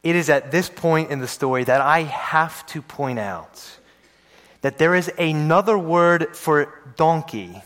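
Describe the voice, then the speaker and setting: A man with a fairly high voice preaches a sermon. He tells the story with animated energy and playful asides. His pacing stretches and rushes for effect. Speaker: pastor. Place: church service.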